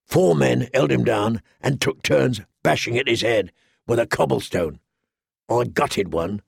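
A man voicing a grim, scornful male soldier with a low, gravelly voice. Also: measured pace, no room sound, studio quality, heavily acted. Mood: growling.

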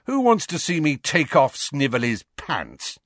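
A man voicing a showy, hot-headed teenage schoolboy with brash, yelping shouts. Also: a little high, huge pitch swings, a little slow, dry recording, clean studio sound, voice pushed up, heavily acted. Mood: cocky.

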